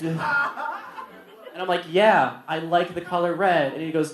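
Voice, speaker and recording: A young man performing a stand-up comedy set at a barbecue restaurant, acting out other people in raised, animated voices. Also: on the high side, a little fast, a little hiss or hum. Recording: roomy venue with laughter.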